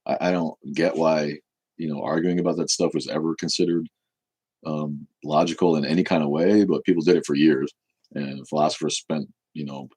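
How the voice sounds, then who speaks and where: A man's voice: extremely low pitch, a little mellow, breathy edge. A man in his fifties hosting a live question-and-answer stream, talking bluntly and with profanity about his views. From United States. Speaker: show host.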